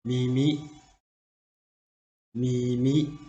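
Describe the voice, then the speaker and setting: Very slow, deliberate man teaching words. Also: mid-range voice, flat delivery, warm tone, muffled recording. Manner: deliberate, repeats each word, simple broken phrasing. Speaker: language teacher. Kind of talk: slow vocabulary drill. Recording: roomy echo.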